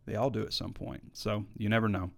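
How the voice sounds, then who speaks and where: A man with a low, gravelly voice and steady tone talks fairly quickly as host of a live sports talk show. Casual and opinionated, he reads viewer comments and argues back, using frequent fillers.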